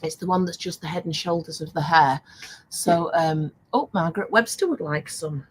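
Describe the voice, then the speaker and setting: A woman's voice: low voice, moderate pace, slight background noise, poor audio. An older woman hosting a casual live stream, chatty and laughing often as she reads out viewer comments. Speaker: live stream host selling craft supplies.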